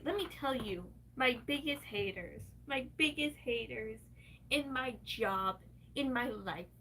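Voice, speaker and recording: A woman's voice: high-pitched, fairly bright tone, slightly rough, far from the mic. A woman livestreaming, venting in an angry, profane rant.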